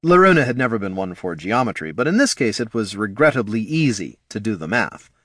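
Audiobook narrator, man, lowish voice, lively intonation, dry close recording. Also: a little fast, dry recording. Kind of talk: scripted fantasy narration.

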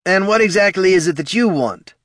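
A man's voice: sits high, lively intonation, fairly quick, a bit bright, dry recording, clean studio sound, voice pushed up. A man voicing a nervous young male guard who talks big and stammers when pressed. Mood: smug. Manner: boastful then flustered, stammering.

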